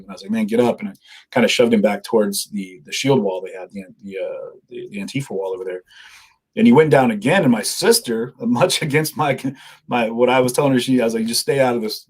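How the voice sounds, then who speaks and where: A man's voice: fairly low pitch, a little mellow, husky. A man telling rambling stories in casual conversation, often quoting himself and others mid-story. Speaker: live-streamer guest.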